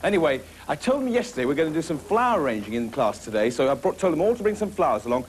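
A man hosting a children's puppet show, playing a brisk, jovial teacher who scolds his puppets. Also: a little high, sing-song, slight background noise.

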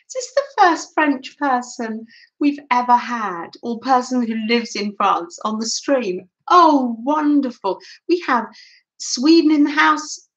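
An older woman hosting a craft livestream, chatting casually with viewers and greeting them with many soft "oh"s and little laughs. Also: a little high.

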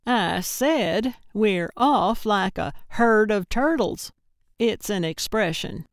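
A woman's voice: mid-range voice, slow pace, creaky, dry recording, studio quality. A woman voicing a spry, self-important elderly woman detective in an audiobook. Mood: triumphant. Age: older.

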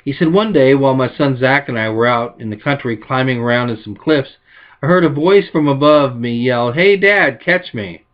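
A man's voice: normal speed, highs cut off. A male pastor preaching a sermon, telling illustrative stories in a folksy way and lifting his voice for quoted lines. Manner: folksy storytelling, voices quotes with rising pitch.

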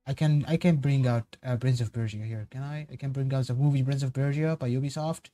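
Guy streamer reacting to cards, mellow tone, keeps going off on tangents, faint music under. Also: medium pitch, a little fast, no room sound. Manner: rambling, self-correcting, excitable tangents.

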